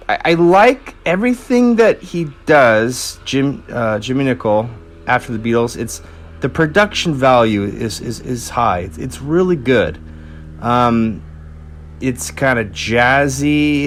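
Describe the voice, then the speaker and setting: A man hosting a podcast, telling a rock history story in a loose, chatty way with lots of fillers and restarts. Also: mid-range voice. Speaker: podcast host. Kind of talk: casual storytelling.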